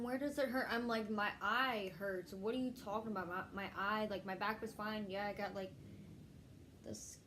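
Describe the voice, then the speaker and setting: A young woman talks straight to camera in a loose, rambling storytime vlog. She is mid-pitched, laughs often and swears freely, with a faint hum of room ambience behind her. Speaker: vlogger.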